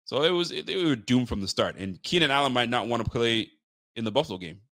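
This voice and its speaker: A young man hosting a casual sports podcast, telling stories with lively mimicked quotes and loose slang. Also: mid-range voice, a little fast, no room sound, studio quality. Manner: loose street slang and swearing. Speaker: podcast host. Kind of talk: casual sports talk chat.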